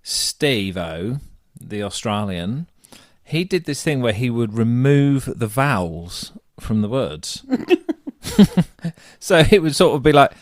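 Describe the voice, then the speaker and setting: A man's voice: medium pitch, sing-song, takes it slowly, no echo, clean studio sound. A man co-hosting a podcast in casual chat, jokey and teasing. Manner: jokey, teasing, laughs often. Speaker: podcast co-host.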